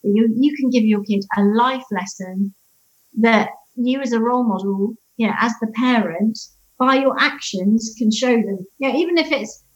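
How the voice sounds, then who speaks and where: A woman's voice: a little high, brisk. A woman, a divorce coach guest in a casual interview, animatedly telling stories and acting out quotes. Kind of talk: conversational interview. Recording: slightly dull lo-fi sound.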